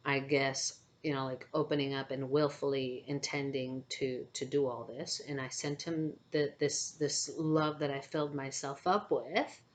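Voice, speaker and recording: A woman who is an empath, telling a spiritual story to camera with hesitant phrasing, many fillers and frequent "okay?" check-ins. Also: a bass voice.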